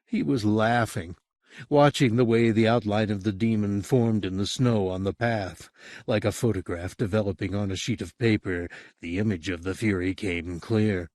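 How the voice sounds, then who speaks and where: A man reading a horror audiobook as narrator, in an expressive storytelling manner. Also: fairly low pitch, moderate pace, no echo, clean studio sound. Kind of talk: scripted narration.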